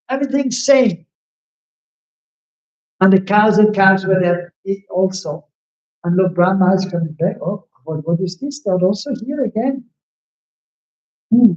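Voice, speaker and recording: A man giving a devotional scripture lecture, telling stories and acting out the lines of the figures in them. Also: sits high. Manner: animated storyteller acting out quoted lines. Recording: echoey room, dull lo-fi sound.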